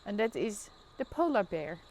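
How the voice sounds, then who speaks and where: This live vlogger, a woman with a Dutch accent, chats away about the street beneath her apartment window. She sounds very animated at a normal pace, her medium-pitched voice carrying a darkish tone.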